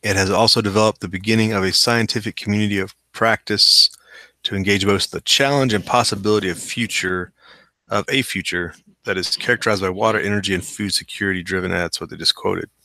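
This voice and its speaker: Brisk and steady, a man on the low side of the pitch range reads news articles aloud for his casual show, his voice pushed and bright. Between quotes he adds skeptical, wry comments, and the recording is dry.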